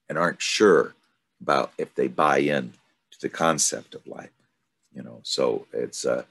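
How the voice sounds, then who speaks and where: A man leading a study group, reading aloud from a story and commenting on it in an unhurried, thoughtful way. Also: a bass voice, creaky, a bit bright, husky. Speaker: study group discussion leader.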